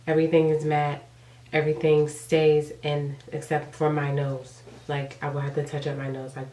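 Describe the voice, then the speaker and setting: A young woman with a head cold, her voice congested and raspy, talks casually to her viewers with plenty of fillers. Her pitch sits low and barely moves. She sounds a little set back from the mic, with a roomy echo around her. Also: a little mellow, recorded from a distance. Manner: chatty, rambling, filler-heavy. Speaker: beauty vlogger. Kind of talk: casual chat.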